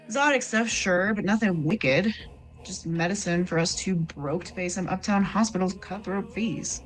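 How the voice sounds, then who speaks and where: A woman plays a bitter, streetwise male smuggler in a tabletop game. He talks in a low, slow folksy drawl full of rough slang. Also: natural voice. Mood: wry. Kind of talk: tabletop role-play.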